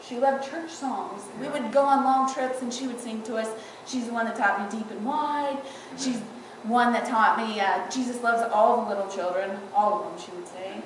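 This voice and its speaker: A woman's voice: on the high side, slight background noise. A woman giving a eulogy for her grandmother in a church, telling funny, fond stories and laughing often. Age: adult granddaughter. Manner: tearful-humorous storytelling, laughing often. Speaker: eulogy speaker. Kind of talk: personal eulogy at a funeral. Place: church, large room. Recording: echoey church from far off.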